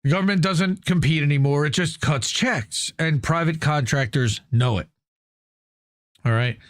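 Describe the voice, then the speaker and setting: Brief: male host, higher-pitched voice, casual profane commentary, reads then riffs, dry close mic. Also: normal speed, dry recording. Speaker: news show host. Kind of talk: casual commentary reading and reacting to an article.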